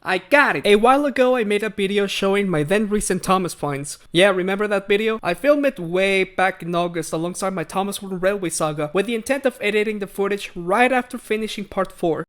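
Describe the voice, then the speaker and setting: A man with a crusty, nasal voice hosting a chatty, scripted vlog on a new, high-quality mic. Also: fairly quick, hardly any pauses, a bit bright. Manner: self-mocking, chatty, playfully answers himself. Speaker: channel host.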